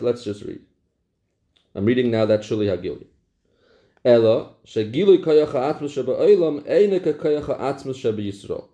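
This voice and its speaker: A warm, mid-range male voice leads a Talmudic-style Torah text lesson, reading Hebrew passages aloud before explaining them in English sprinkled with Hebrew and Yiddish terms. He repeats key phrases for emphasis in a sing-song study cadence.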